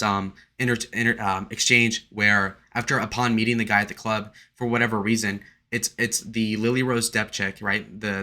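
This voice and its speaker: A man's voice: fairly low pitch, bright, forceful tone. A young man giving an indignant, rambling solo review, full of restarts and fillers. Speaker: video reviewer. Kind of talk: opinionated solo commentary.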